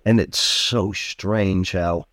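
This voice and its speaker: A man's voice: sits low, fairly even intonation, very slow, a bit bright, no echo, clean studio sound. Reassuring male podcast co-host. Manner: supportive, reflective. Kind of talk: casual chat.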